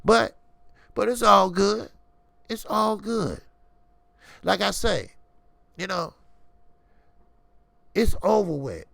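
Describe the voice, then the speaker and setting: A man's voice: high-pitched, takes it slowly, vocal fry, long pauses, dry recording. A man hosting a boxing stream, ranting profanely and repeating himself. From Chicago. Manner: profane, animated, repeats words. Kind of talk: ranting commentary.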